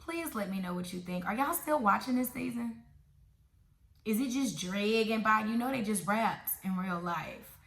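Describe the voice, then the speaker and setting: A woman's voice: medium pitch, animated, normal speed, fairly bright tone. A woman giving a blunt, sassy recap of a reality show, talking straight to her viewers. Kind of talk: casual opinionated show review. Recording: echoey room.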